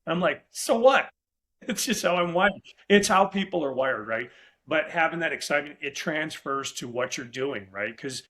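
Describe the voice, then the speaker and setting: A man hosting a casual sales podcast, excitable and energetic, talking about his own enthusiasm. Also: a little high, moderate pace. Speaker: podcast host. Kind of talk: casual chat.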